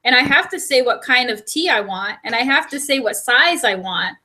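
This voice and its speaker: A woman chatting casually in a group, lively and quick to laugh. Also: fairly high pitch. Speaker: show host.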